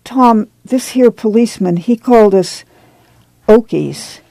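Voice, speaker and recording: A woman's voice: a little high, unhurried, gravelly, dark tone, no room sound, pitched above the performer's own voice. A woman voicing a tough, weary migrant mother with a folksy rural drawl, read for an audiobook. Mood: worried. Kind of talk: audiobook dialogue reading.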